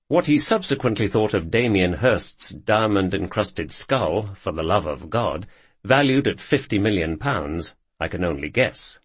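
Male nonfiction narrator, lowish husky voice, lively delivery, dry studio read. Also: measured pace, no room sound.

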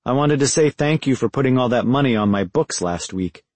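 A man's voice: medium pitch, expressive, a little fast, a little mellow, no room sound, lightly acted. A man voicing a remorseful middle-aged father calling from prison, talking in an apologetic, pleading way.

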